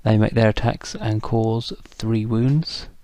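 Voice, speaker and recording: A man's voice: fairly low pitch, flat delivery, takes it slowly, warm tone, no echo. A man casually narrating a tabletop wargame battle report, chatty and self-deprecating, with frequent ums. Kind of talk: casual game recap narration.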